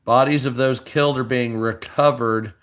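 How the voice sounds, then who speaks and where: A man's voice: medium pitch, steady tone, normal speed, fairly bright tone. Blunt, profane male commentator. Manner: blunt and heavily profane, reading headlines aloud. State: tired, low energy. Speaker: online news commentator. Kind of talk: casual reaction commentary.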